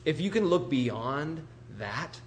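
A man preaching a sermon as a pastor, animated and full of rhetorical questions, often acting out the voices of others. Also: a little high, slow, a little hiss or hum. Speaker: pastor planting a church.

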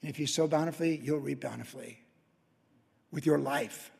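A man's voice: on the high side, brisk, creaky, darkish tone, husky. A male pastor preaching a sermon with impassioned storytelling. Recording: long hall reverb.

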